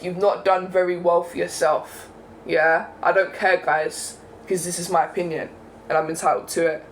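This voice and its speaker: A young man from England vents to his viewers with a rather high voice, full of indignation and tagging his points with "right?" and "yeah?". A faint hiss sits underneath the recording. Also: fairly bright tone, low-quality recording. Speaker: vlogger. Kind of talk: casual monologue rant.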